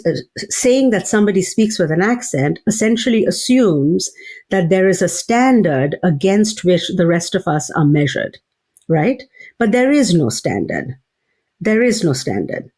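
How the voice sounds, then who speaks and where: A woman's voice: medium pitch, animated, unhurried, warm tone. A woman, a psychology professor and author, giving thoughtful interview answers with frequent fillers and restarts.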